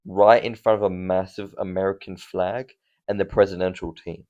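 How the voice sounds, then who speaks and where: A man's voice: deep voice, little pitch movement, moderate pace, a little mellow, lo-fi sound. A man from Australia giving a conversational solo opinion commentary on fight cards, with rhetorical questions and casual swearing. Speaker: MMA commentator.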